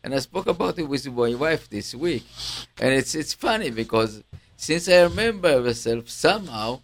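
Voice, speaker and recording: Halting, lively-voiced man chatting. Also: medium pitch. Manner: halting, repeats words, grows animated telling stories. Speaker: host. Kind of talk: casual chat.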